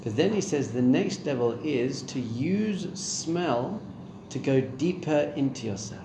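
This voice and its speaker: With a mid-range voice and lively intonation, a middle-aged man speaks a little slowly as he teaches a Torah class on meditation to a live audience. This spiritual teacher stays conversational and questions his listeners. The sound is reverberant, with background noise.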